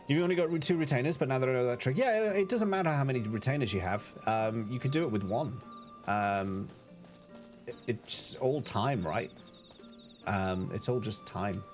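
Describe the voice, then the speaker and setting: A man's voice: medium pitch, soft background music. A British man giving casual, rambling commentary while he streams a video game. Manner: chatty, rambling, quick asides. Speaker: gaming streamer.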